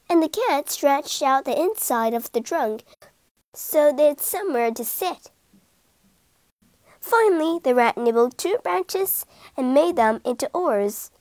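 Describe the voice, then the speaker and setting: High, lively woman reading a children's story. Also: dry recording. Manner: slow, expressive reading. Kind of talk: scripted children's story narration.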